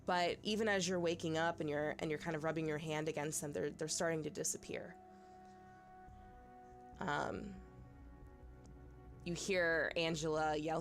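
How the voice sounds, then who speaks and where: Brief: woman game master, low voice, slow hesitant narration, faint music underneath. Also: fairly even intonation. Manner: hesitant, many fillers, second-person narration. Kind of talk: narrating a tabletop horror game.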